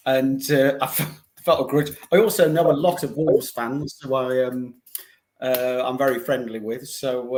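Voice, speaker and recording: An older man speaking as a guest fan in a casual chat, talking in a hesitant, halting way. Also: mid-range voice. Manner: hesitant, many fillers and restarts.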